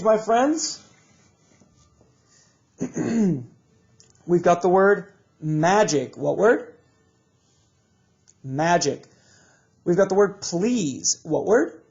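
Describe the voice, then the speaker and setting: A man teaching a recorded reading lesson to children, drilling sounds and words in slow call-and-response. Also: on the high side, a little mellow, dull audio.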